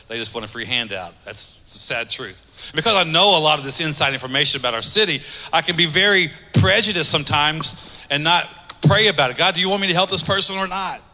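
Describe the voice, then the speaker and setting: A man preaching a sermon, driving points home with emphatic repetition and easing into softer storytelling. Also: medium pitch, long reverb tail. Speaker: pastor.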